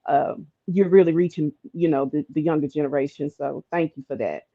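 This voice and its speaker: A Chicago woman phones into a live stream for a casual chat, speaking earnestly and gratefully with lots of ums. Her voice sits low with fairly even intonation and a fairly quick pace. The remote call line gives dull call-in audio with no room sound.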